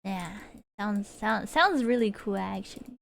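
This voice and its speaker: A woman's voice: mid-range voice, lively intonation, a little slow, gravelly, very noisy. A woman streamer chatting casually, rambling and giggling, with lots of fillers and restarts. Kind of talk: casual chat while streaming. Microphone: desk mic.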